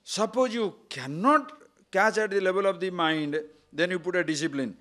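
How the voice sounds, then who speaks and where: In a spiritual discourse at normal speed, this older male teacher leans on rhetorical questions and repetition. His pitch and loudness rise and fall over a wide range.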